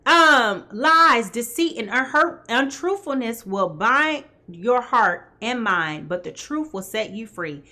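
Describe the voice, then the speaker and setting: Bright-voiced woman doing a chatty tarot reading. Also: a little high, lively intonation, a little slow, hardly any pauses. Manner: chatty, keeps checking in with "okay?"; talks straight to viewers, greets them by name. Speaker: tarot reader host. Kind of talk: live tarot reading to viewers.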